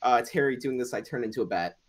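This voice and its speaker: A man playing in a tabletop game, casual and quick to laugh. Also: mid-range voice. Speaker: player.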